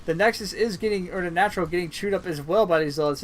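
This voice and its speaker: A man's voice: high voice, fast, a little hiss or hum. Chatty man casting an esports match. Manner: casual, chatty, swings to excited outbursts. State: yawning, tired. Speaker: esports caster. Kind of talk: play-by-play game commentary.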